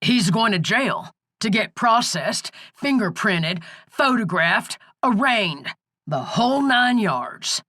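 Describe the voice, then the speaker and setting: A woman's voice: mid-range voice, animated, takes it slowly, fairly bright tone, dry recording, studio quality, voice pushed up. A woman doing a blustering, bullying male sheriff. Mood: barking. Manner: blustering, profane, barking orders. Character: angry bullying male small-town sheriff. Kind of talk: audiobook character voice.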